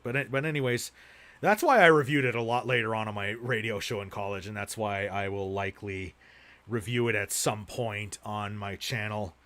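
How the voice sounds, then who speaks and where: A young streamer talks through his movie collection in a rambling, profane way, cursing heavily in his rants. He has a lowish, fairly bright voice and speaks at a normal speed.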